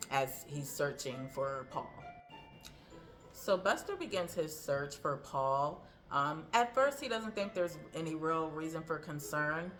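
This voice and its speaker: A woman's voice: low voice, a bit bright. A woman hosting a casual movie recap, chatty, with frequent ums, laughs and asides.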